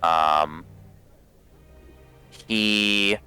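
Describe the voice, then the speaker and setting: A man with a very low, smooth voice runs a tabletop game at an unhurried pace. His narration is casual and rambling, full of fillers, with faint music behind him. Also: sharp tone. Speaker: game master.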